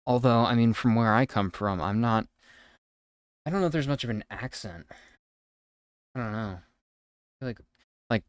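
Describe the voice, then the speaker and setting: A young man with a fairly low voice streams live, chatting casually and thinking out loud as he codes. He reads code slowly under his breath between remarks. The sound is close and dry, with no room around it. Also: clear, resonant tone, dry recording. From United States East Coast. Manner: thinks aloud while coding, reading code slowly.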